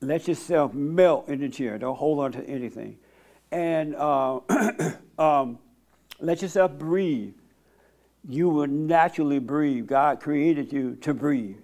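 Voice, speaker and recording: A man hosting a church meeting, counseling a guest bluntly and then leading a slow guided silent prayer. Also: on the high side, warm tone. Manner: blunt, plain-spoken, teasing; slow, soothing instructions during meditation.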